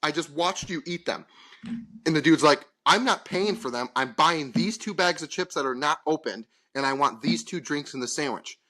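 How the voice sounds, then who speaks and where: A man's voice: fairly high pitch, lively intonation, normal speed, few pauses, sharp tone. A man, co-hosting a podcast and telling a profane, exasperated story, acting out the people in it. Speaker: podcast co-host. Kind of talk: casual storytelling chat.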